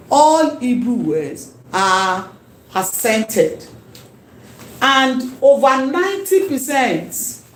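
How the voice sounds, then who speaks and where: A woman teaching a language lesson, repeating key terms slowly and emphatically. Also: mid-range voice, a little hiss or hum. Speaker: Hebrew teacher. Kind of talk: classroom lecture. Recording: echoey room with faint ambience.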